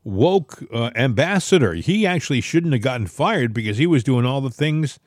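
A man's voice: mid-range voice, lively intonation, normal speed, no room sound. Emphatic, opinionated male co-host, dry sound. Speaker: podcast co-host. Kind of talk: casual political chat.

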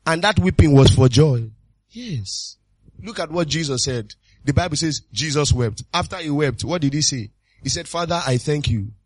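A man preaching a sermon as pastor, exuberant and full of repeated calls and sudden shouts. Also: on the high side, animated, moderate pace, no room sound.

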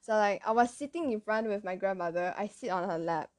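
A woman's voice: medium pitch, a little fast, dry recording. A young woman with a Malaysian English accent, chatting casually and rambling through childhood stories with frequent self-amused laughs. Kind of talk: casual storytelling.

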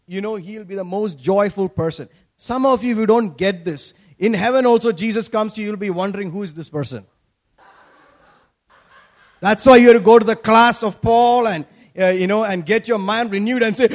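A man from Kerala with an Indian accent, preaching an energetic sermon, shouting and laughing with playful asides. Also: high voice.

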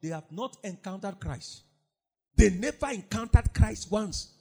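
A man preaching a sermon as pastor, swinging from loud emphatic lines to low mocking asides. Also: lively intonation, a little slow, husky.

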